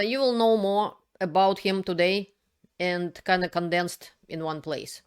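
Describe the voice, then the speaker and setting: A woman hosting her own political video channel, explaining events in a casual, unscripted way with halting, explanatory delivery. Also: mid-range voice, clean tone. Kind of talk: casual spoken commentary to camera.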